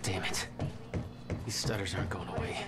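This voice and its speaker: A man's voice: low-pitched, fairly even intonation, moderate pace. An actor playing a young male action hero with time powers, talking in terse mutters. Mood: grim. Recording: game audio under noise.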